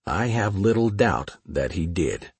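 Male narrator, deep husky voice, lively intonation, dry close sound; reads a war memoir plainly. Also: a little slow, no echo. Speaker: audiobook narrator. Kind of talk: first-person memoir narration.

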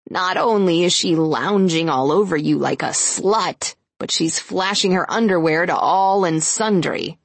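A woman voicing a spiteful, snide old woman in an audiobook, sneering and insulting, with a low, gravelly voice. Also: unhurried, few pauses, no room sound.

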